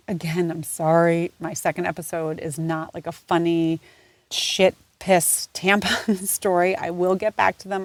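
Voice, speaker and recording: A woman's voice: on the low side, dry recording. A woman in her forties hosting her own podcast, talking candidly and earnestly, rambling with fillers and swearing freely. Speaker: podcast host.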